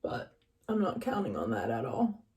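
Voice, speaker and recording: Young West Virginia woman, loose get-ready vlog chatter, mellow voice, drifts between topics. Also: medium pitch, unhurried. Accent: northern West Virginia. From West Virginia, USA. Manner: rambling, chatty, drifts off quietly. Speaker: vlogger. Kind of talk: casual get-ready-with-me chat.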